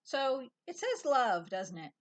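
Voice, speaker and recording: A woman with kids co-hosts a laid-back stitching show, talking slowly in a high voice with big pitch swings. Her manner is dry and matter-of-fact, full of fillers and restarts.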